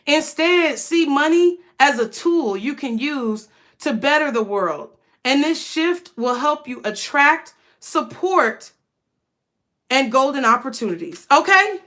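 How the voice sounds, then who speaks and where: A woman's voice: high voice, sharp tone. A woman giving a casual, emphatic tarot reading who is blunt and swears freely. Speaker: tarot reader.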